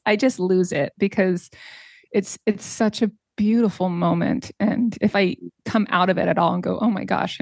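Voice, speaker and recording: A woman's voice: mid-range voice, gravelly, dry recording, studio quality. A woman being interviewed about playing a role in a community musical, telling stories with a lot of laughter. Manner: animated, laughing storyteller. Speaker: actor in community musical, guest. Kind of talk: casual radio interview.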